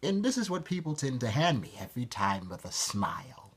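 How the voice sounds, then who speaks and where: A man's voice: mid-range voice, sing-song, a little fast, fairly bright tone, breathy edge. A man talking to camera in a rambling, profane vlog monologue that keeps interrupting itself. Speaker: vlogger.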